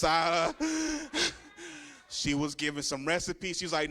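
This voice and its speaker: Stand-up comic, man, slightly high voice, big shouted punchlines, low mumbly character voices, handheld mic on a club stage. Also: takes it slowly. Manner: loud, animated storytelling with shouted punchlines. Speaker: stand-up comedian. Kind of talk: stand-up set.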